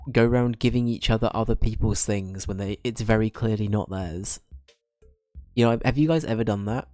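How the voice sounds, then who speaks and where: A young man with a fairly low voice, chatting casually as he streams a game. He cracks jokes at his own expense and throws in quick asides. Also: dark tone. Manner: joking, self-deprecating, quick asides. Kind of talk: casual gaming commentary.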